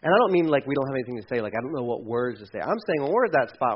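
A man preaching a conversational sermon, swinging from loud emphasis to hushed, quiet passages. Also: mid-range voice, sing-song, rapid-fire, hardly any pauses, breathy edge, lo-fi sound. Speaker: pastor.

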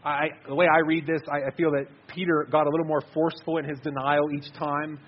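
A man's voice: fairly high pitch, flat delivery, a little fast, highs cut off, a little hiss or hum. A man giving an earnest, conversational sermon, repeating words as he stresses his points. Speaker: preacher.

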